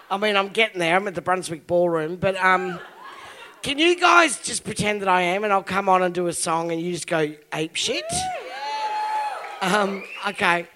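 A woman's voice: mid-range voice, a bit bright, slight background noise. A woman in her fifties with an Australian accent doing live stand-up comedy, crude and full of swearing. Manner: bawdy, crude, heavy swearing. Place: live comedy venue stage.

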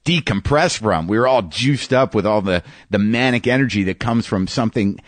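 A man, a podcast host and stand-up comedian, telling a story in a halting way, often restarting and repeating words as he searches for them. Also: on the low side, expressive, dry recording. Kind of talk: storytelling monologue.

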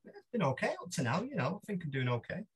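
A man's voice: fairly high pitch, sing-song, quick pace, crowd noise. A man with a Mancunian accent, a podcast guest, telling stories in a rambling, self-deprecating way with many restarts. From Manchester, England. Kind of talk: casual interview chat.

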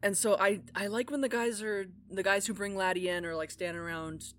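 A woman co-hosting a casual podcast about a fantasy novel, animated and laughing, often quoting characters in silly voices. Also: mid-range voice, brisk. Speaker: podcast co-host. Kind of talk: casual book-club chat.

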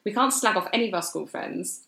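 A woman's voice: medium pitch, expressive, vocal fry, bright, forceful tone. Chatty woman, roomy sound. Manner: chatty, quick to tell stories, mimics others. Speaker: podcast co-host. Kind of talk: casual chat. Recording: roomy echo.

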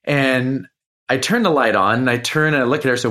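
A man's voice: medium pitch, brisk, pushed and bright. A man in his forties, a performance coach, earnestly telling a personal story as a podcast guest. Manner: earnest, heartfelt.

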